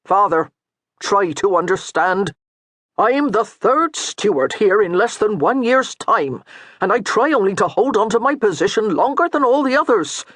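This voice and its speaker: A woman's voice: mid-range voice, expressive, unhurried, fairly bright tone, dry recording, pitched above the performer's own voice. A woman narrator voicing a harried male steward who talks earnestly and holds his patience. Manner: earnest, restrained, pleading.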